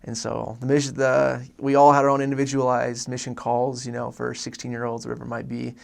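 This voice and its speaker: Earnest young man with gravelly fry. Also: medium pitch, completely flat delivery, a little fast. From Oregon, USA. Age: young adult. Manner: earnest, rambling, many restarts and fillers. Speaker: returned missionary telling his story. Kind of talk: casual personal testimony.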